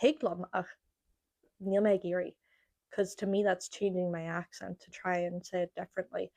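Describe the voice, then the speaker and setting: A woman's voice: on the low side, flat delivery, normal speed, gravelly, a little mellow, dry recording. An Irish woman hosting a podcast, chatting casually and demonstrating how she pronounces words. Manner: chatty, demonstrating word pronunciations. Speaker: podcast host. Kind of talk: casual chat.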